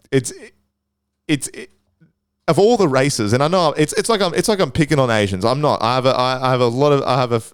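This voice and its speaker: Aussie guy riffing solo on his podcast, swears a lot, keeps restarting, smooth clear voice, dead dry sound. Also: medium pitch, no echo. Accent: Australian. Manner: rambling, crude, heavy swearing, many restarts. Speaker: podcast host. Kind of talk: casual solo podcast monologue.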